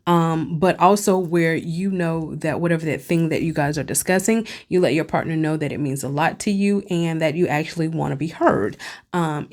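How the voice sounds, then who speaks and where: Chatty woman hosting a solo podcast. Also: lowish voice. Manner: chatty and expressive, with asides to listeners. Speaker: podcast host. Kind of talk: casual solo podcast talk.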